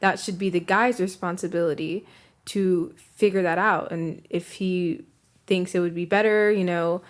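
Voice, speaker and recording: A young woman co-hosting a podcast in casual chat, calm and thoughtful as she puts questions and reads out comments. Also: fairly low pitch, normal speed. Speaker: podcast co-host.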